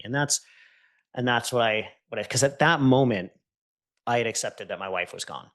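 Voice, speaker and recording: A man, a podcast guest, recounting a painful personal story in an earnest, intense way, dropping soft and low when he quotes what was said. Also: moderate pace. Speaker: podcast guest, entrepreneur and coach. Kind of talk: emotional personal storytelling in conversation.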